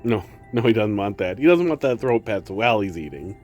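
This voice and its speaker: Chatty streamer man, lively voice. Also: lowish voice, a little fast, highs cut off, faint music behind. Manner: chatty, cooing baby talk to his pets. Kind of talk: casual live-stream chat.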